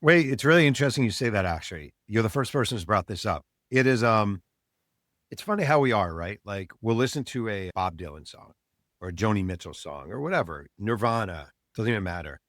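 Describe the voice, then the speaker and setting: Man, low voice, dry close sound, animated storyteller, author guest on an interview. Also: brisk, dry recording.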